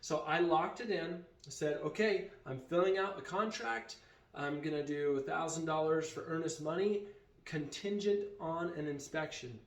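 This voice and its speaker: A man's voice: a little high, moderate pace. A man casually telling a story in a vlog, retelling it with animation and acting out the quoted dialogue. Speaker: vacation rental owner and vlogger. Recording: echoey room.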